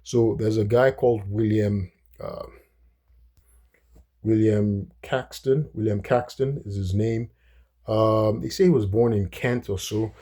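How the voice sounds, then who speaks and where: Halting man with a dark husky voice. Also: lowish voice, steady tone. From United States. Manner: halting, many fillers and restarts. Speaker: host. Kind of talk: unscripted explanatory talk.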